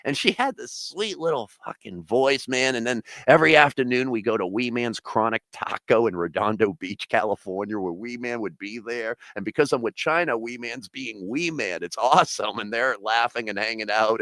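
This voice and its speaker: A man's voice: lowish voice, moderate pace, few pauses, no echo. A man from Massachusetts, a comedian and musician, telling rambling, profane stories on a casual podcast. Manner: rambling, profane storytelling, bursts into loud singing.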